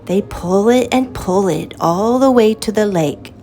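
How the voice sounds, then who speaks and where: A woman reading a picture book aloud to children, in a slow, lilting and expressive storyteller's manner. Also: medium pitch, faint music behind.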